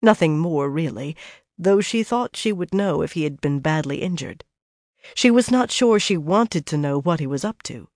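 Fantasy audiobook narrator, steady and measured, mid-pitched, dry close recording. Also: dry recording. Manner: measured, even storytelling.

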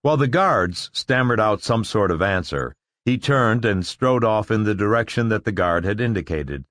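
Expressive low-voiced male narrator. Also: moderate pace, dry recording, studio quality. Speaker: audiobook narrator. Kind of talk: scripted narration.

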